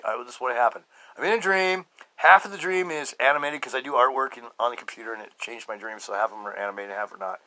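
A middle-aged man hosting a podcast, telling his own story emphatically and swinging between loud outbursts and low murmurs. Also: no room sound, low-quality recording. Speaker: podcast host. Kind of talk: personal testimony monologue.

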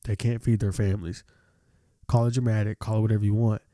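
A man's voice: on the low side, flat delivery, quick pace, dark tone, dry recording, studio quality. A young adult man hosting a podcast alone, ranting casually with lots of swearing, his nose stuffed up from allergies. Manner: profane, rambling, exasperated. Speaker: podcast host.

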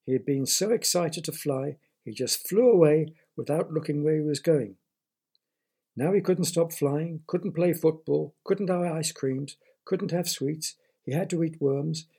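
A man's voice: a little high, a little slow, gravelly, mellow, slightly rough. A man reading a children's story aloud, stopping to explain words to young listeners.

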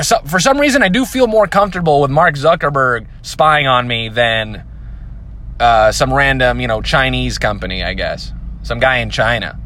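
A man's voice: medium pitch, fairly bright tone. A man hosting his own podcast, rambling and joking in casual solo chat, with lots of fillers and restarts. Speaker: podcast host.

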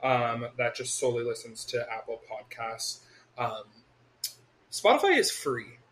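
A man co-hosting a casual chat podcast, animated and quick to laugh, swearing freely. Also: mid-range voice, slight background noise. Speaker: podcast co-host.

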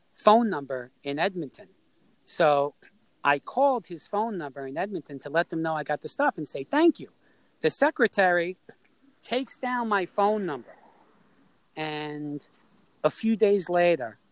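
A middle-aged man from New York tells a story in a relaxed, conversational way. His voice sits fairly high, and he keeps jumping into the voices of the people in it. The sound is close and dry, with no room around it. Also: no echo, poor audio. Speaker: storyteller guest. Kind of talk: casual anecdote telling.

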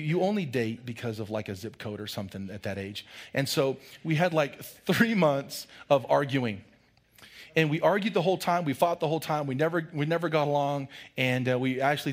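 A middle-aged man, a pastor, preaching a lively sermon with loud, humorous storytelling. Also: medium pitch.

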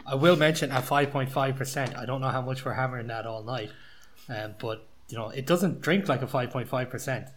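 A man's voice: mid-range voice, fairly quick, a little hiss or hum. A man co-hosting a podcast, chatting casually and jokingly with many restarts. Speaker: podcast co-host reviewing beer. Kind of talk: casual chat.

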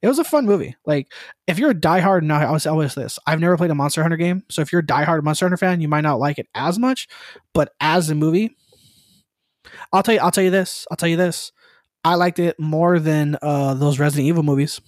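A man's voice: fairly high pitch, a little fast, dry recording, clean studio sound. A man co-hosting a gaming podcast in casual chat, rambling and swearing, laughing often. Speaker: podcast co-host.

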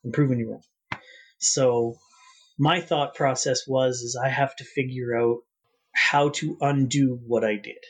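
A man speaks in a husky, breathy voice at a mid pitch. He tells his story earnestly and reflectively, pausing and restarting his phrases as he thinks. It sounds like a relaxed sit-down interview. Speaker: guest.

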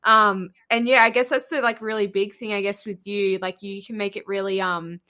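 A woman's voice: mid-range voice, fairly even intonation, moderate pace, sharp tone. A woman interviewing in a casual chat, talking with lots of "like" and laughing often. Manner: chatty, laughing, filler-heavy.

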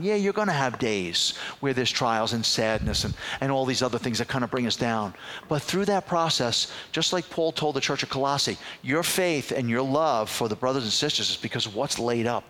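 A man's voice: medium pitch, normal speed. A middle-aged man, a pastor preaching a sermon and telling personal stories, acting out other people's voices along the way. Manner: animated storyteller who acts out other voices. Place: church sanctuary.

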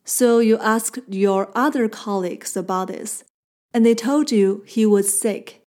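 A woman language teacher giving a scripted lesson, explaining clearly and patiently and slowing down for model phrases. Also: mid-range voice, darkish tone.

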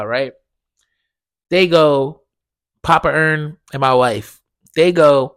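A young man hosting a podcast, telling a dream story in a casual, animated way, swearing a lot and acting out the dialogue. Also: a little high, measured pace. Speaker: podcast host.

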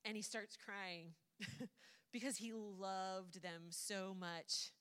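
A woman's voice: mid-range voice, fairly even intonation, slow pace, a bit bright, clean tone. A woman preacher casually retelling a Bible story in a chatty way, often laughing and lightly acting out the voices. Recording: long hall reverb.

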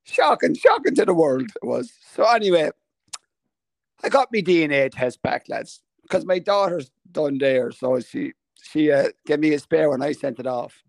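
An Irish man co-hosting a casual podcast chat, telling stories with animated energy and jumping high in pitch when amazed. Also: moderate pace, creaky, dry recording. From Ireland. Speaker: podcast co-host.

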